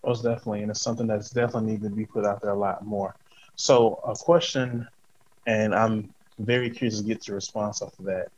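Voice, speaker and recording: A man hosting an interview, casual and responsive, asking questions in halting restarts. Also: lowish voice, little pitch movement, a little mellow, a little hiss or hum. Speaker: podcast host. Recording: dull lo-fi sound.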